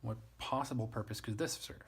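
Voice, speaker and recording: Husky man teaching Latin casually. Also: medium pitch, fairly even intonation, fairly quick, a bit bright. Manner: wry, self-deprecating, works through ideas aloud. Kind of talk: casual spoken lesson, thinking aloud.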